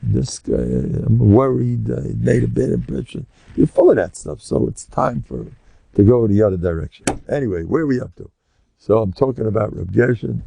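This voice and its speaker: A man's voice: mid-range voice, moderate pace, vocal fry, slight background noise. An older man with an American accent, a rabbi lecturing to listeners and acting out the scenes of his stories. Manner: animated storyteller who acts out scenes. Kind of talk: Torah lecture with storytelling.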